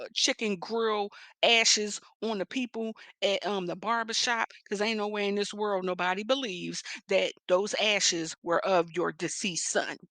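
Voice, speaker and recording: A woman's voice: mid-range voice, bright, forceful tone, no room sound. A woman with a Philadelphia accent, ranting at someone on her vlog in a confrontational, mocking, profane way. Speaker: vlogger.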